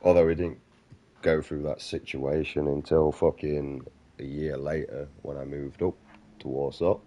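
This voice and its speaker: A man's voice: a bass voice, level tone, unhurried, mellow, dull audio. A man ranting casually and profanely over gameplay, rambling between stories and mocking jabs. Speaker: gaming vlogger.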